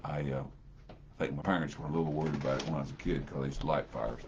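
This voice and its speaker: A man's voice: very deep voice, steady tone, quick pace, lo-fi sound, noisy background. A man preaching a sermon with folksy storytelling and plenty of fillers.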